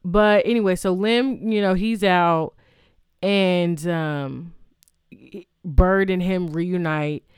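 A woman's voice: lowish voice, steady tone, slow, clean tone, no room sound, clean studio sound. A woman casually retelling a movie's plot, rambling with fillers and restarts and reacting aloud to what happens. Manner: chatty, reacts aloud to the story. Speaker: movie recap vlogger.

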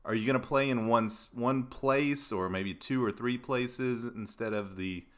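A man's voice: medium pitch, a little slow, a bit bright. Laughing, rambling podcast host man. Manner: laughs often, loose rambling delivery. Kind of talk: casual sports podcast chat.

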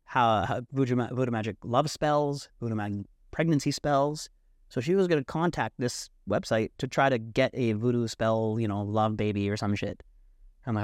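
A man telling a wild personal story as a podcast guest, animated and profane, leaning on "like" a lot. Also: medium pitch, normal speed, no room sound, studio quality. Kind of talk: casual storytelling.

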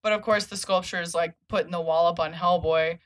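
Woman, lowish voice, animated comic recap chat, slips into character voices. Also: a little fast. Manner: animated retelling, acts out characters' lines with laughs. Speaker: podcast host.

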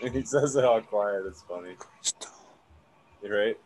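Middle-aged grandpa dude chatting on a podcast, kinda low voice, chuckles a lot, noisy room. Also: male voice, unhurried. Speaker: podcast co-host. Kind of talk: casual chat.

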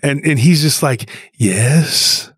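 Male podcast co-host, rambling animated storyteller, dry close sound. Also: medium pitch, normal speed, dry recording. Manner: rambling, animated retelling with frequent restarts.

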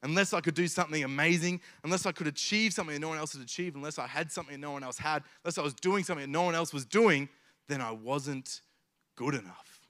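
A man's voice: fairly high pitch, quick pace, fairly bright tone. A man preaching a sermon in an earnest way, building his points through emphatic repetition.

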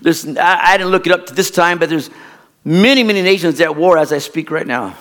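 A middle-aged man preaching a sermon as a pastor, telling a folksy, rambling childhood story in an animated way. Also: fairly high pitch, brisk.

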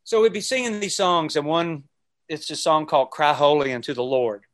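A man's voice: on the high side, moderate pace. A man who is a podcast guest, telling stories in a casual conversation and acting out the people he quotes. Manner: animated storyteller who acts out quotes and sings snippets.

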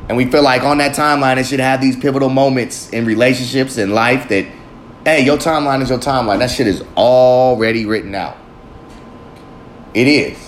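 A man's voice: mid-range voice, steady tone, fairly quick, slight background noise. Profane man riffing in an echoey room. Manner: heavily profane, emphatic, talks to himself. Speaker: vlog host. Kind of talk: casual motivational monologue. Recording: echoey room with faint ambience.

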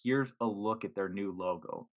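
A man with a low voice chats about sports on a podcast in a wry, laid-back way. He has a sarcastic edge. The recording sounds dull and lo-fi. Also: moderate pace. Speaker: podcast co-host. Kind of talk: casual sports chat.

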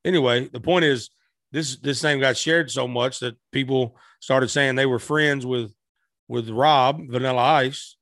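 A man's voice: mid-range voice, steady tone, measured pace, fairly bright tone, no echo, clean studio sound. A middle-aged man telling stories as a guest musician in a casual interview, rambling with frequent restarts.

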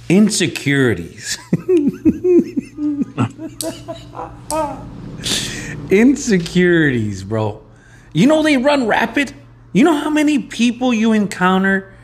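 A man with a slightly high voice that swings up and down a lot, chatting on a casual podcast. He talks in an excitable, animated way and repeats his points. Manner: animated, excitable, repeats himself, calls his co-host "bro". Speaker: podcast co-host. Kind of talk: casual chat.

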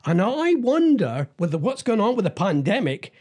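A man co-hosting a jokey morning radio show, rambling and halting with lots of fillers. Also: sits high, sing-song, darkish tone. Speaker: radio co-host.

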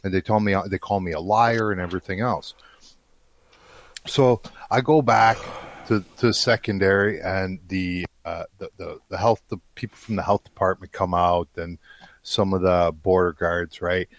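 A man's voice: deep voice, steady tone, moderate pace, no echo. A man telling a story in casual talk, blunt and angry, swearing constantly.

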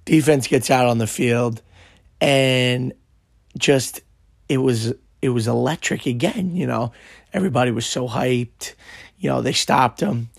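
A man with a gravelly, worn voice tells a football story in a casual, excitable way, swearing and filling gaps with "you know." His pitch sits in the middle, and the sound is dry and close. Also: a little slow, dry recording. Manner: excited, swears often, many fillers. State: voice worn out from shouting. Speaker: podcast host.

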